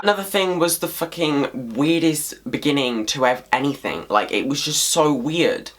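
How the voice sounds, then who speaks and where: A man's voice: mid-range voice, normal speed, few pauses. Swearing man ranting to camera. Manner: swears freely, animated, exasperated. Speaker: vlogger. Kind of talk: casual ranting monologue.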